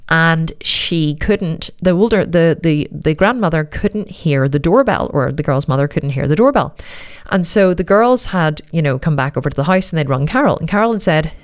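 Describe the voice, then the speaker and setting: A middle-aged woman talk-show host telling a family story to give parenting advice, in a chatty, earnest way with frequent restarts. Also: sits low.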